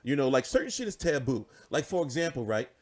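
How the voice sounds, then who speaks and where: Animated, profane young man. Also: mid-range voice, fast. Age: 20s. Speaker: boxing show host. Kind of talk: casual livestream chat.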